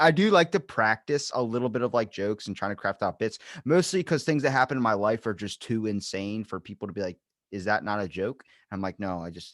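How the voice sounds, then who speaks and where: A man's voice: on the low side, dry recording, clean studio sound. A young man hosting a podcast, chatting casually, rambling and joking, swearing freely. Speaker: podcast host.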